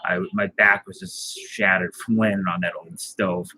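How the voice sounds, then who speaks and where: A man telling a tall tale in a rambling, deadpan way, with many fillers and restarts. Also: low voice, normal speed, rough recording. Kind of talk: casual tall-tale storytelling.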